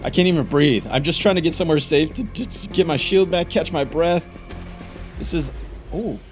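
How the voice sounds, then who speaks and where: A man giving frantic live gameplay commentary, exclaiming and frustrated, later calmly narrating. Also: fairly high pitch, normal speed, soft background music. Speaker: gaming YouTuber.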